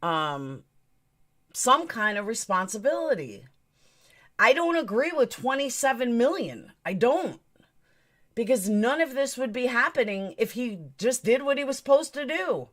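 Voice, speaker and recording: A woman's voice: on the high side, big pitch swings, measured pace, fairly bright tone. A woman hosting a true crime live stream, talking straight to her chat in a blunt, emphatic, opinionated way.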